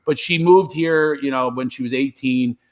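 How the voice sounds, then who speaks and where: A man's voice: medium pitch, normal speed. A middle-aged man, a stand-up comedian, telling stories on a live stream and acting out his own reactions.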